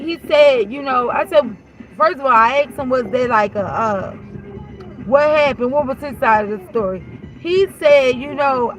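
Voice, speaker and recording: An adult mother tells her viewers a story in a heated, blunt rant, swearing freely as she recounts a conversation. She has a high voice at normal speed, captured in a low-quality recording.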